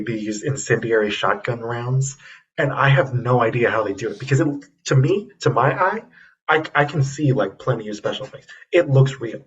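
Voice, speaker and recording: A man co-hosting a podcast in casual chat, talking enthusiastically and rambling with lots of ums and restarts. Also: mid-range voice. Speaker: podcast co-host reviewing films. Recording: distant, dull lo-fi mic with faint noise.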